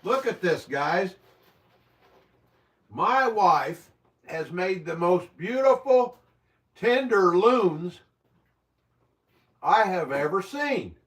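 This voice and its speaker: His voice sits high with big pitch swings, and he draws out words and pauses often. He's a man from the American Midwest hosting a casual home livestream indoors, reacting to viewer comments with mock-outraged swearing. The mic picks him up from a bit of a distance.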